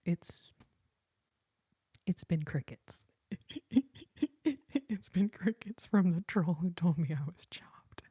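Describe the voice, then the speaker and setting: Breathy whispery woman doing whispered role-play asmr, slow and mellow, chatting w viewers. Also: fairly low pitch, no echo. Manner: sings snippets of lullabies in a hushed voice. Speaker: ASMR livestream host.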